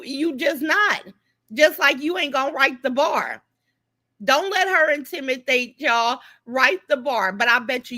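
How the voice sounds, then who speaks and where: A woman's voice: high voice, bright, forceful tone. Sassy woman hosting a morning livestream. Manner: sassy, greets viewers by name, calls them "y'all" and "baby". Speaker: livestream host. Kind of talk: casual live-stream commentary.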